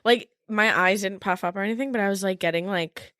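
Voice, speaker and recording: A woman co-hosting a podcast in casual chat, relaxed and matter-of-fact. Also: mid-range voice, fairly quick, no room sound, studio quality. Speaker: podcast co-host.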